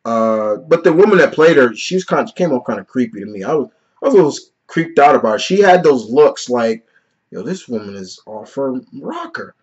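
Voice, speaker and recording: A man's voice: medium pitch, animated, a little fast, breathy edge. Earnest man reviewing movies, lo-fi sound. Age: 30s. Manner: earnest and openly emotional, peppered with "you know" and "like". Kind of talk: casual vlog movie review.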